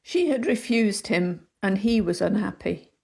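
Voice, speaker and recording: A woman's voice: medium pitch, lively intonation, unhurried, creaky, dark tone, breathy edge. Woman reading old jokes aloud. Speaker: reader.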